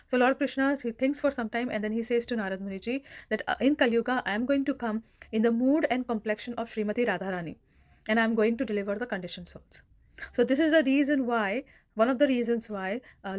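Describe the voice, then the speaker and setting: Earnest woman telling devotional stories. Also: a little high. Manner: earnest, retelling scripture stories with quoted dialogue. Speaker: devotional channel host. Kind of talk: devotional storytelling talk.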